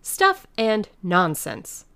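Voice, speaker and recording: A woman voicing an indignant, haughty invisible man with a sharp, scolding manner in an audiobook reading. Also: medium pitch, huge pitch swings, extremely slow, smooth, no echo, heavily acted. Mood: protesting.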